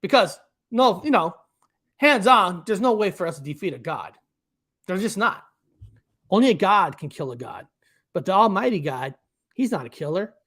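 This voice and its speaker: A man's voice: high voice, big pitch swings, normal speed, long pauses, a bit bright. A man hosting and explaining his own cartoon, speaking in a rambling way with frequent restarts. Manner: rambling, with many restarts and repeated words. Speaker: cartoon creator and host. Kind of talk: casual commentary.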